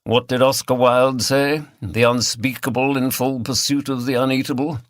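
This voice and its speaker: A man's voice: mid-range voice, level tone, normal speed, dry recording, studio quality, pitched above the performer's own voice, lightly acted. A man reading the part of a middle-aged male artist with a British RP accent, polite, precise and faintly superior.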